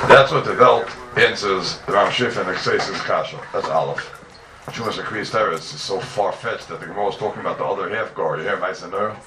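A man's voice: low-pitched, reverberant, distant mic, background noise. A man teaching a class on religious texts, emphatic and full of rhetorical questions.

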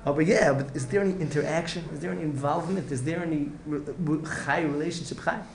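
Casting: male rabbi, gravelly and rapid, earnest lecture style, echoey room. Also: on the high side, a little mellow, slight background noise. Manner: earnest, repetitive, restarts phrases, mixes in Hebrew and Yiddish words. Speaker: rabbi giving a Torah class. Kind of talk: heartfelt Torah lecture. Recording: echoey room with faint ambience.

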